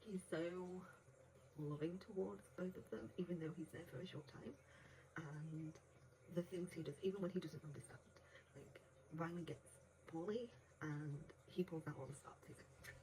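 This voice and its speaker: A woman's voice: deep voice, normal speed, pauses often, a little mellow, a little hiss or hum, rough recording. A woman giving a casual audiobook review in a chatty way, laughing often and acting out quotes in between. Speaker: book reviewer.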